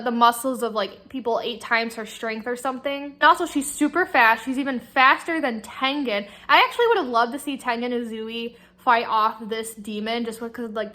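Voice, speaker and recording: A woman vlogger chatting casually about the books she is reading. She gushes excitedly and swears freely. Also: fairly high pitch. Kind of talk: casual book-reaction chat.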